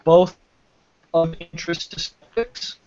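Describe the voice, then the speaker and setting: A man hosting a live online panel show from home, talking casually and haltingly with many fillers and restarts. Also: on the high side, completely flat delivery, darkish tone, dry recording. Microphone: video call. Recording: dull lo-fi glitchy internet audio.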